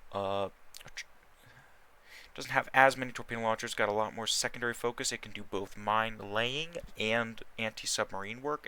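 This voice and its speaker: A man's voice: fairly low pitch, sharp tone, smooth, low-quality recording. A man giving casual commentary while playing a strategy game, thinking aloud with many fillers and restarts. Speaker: gaming channel host.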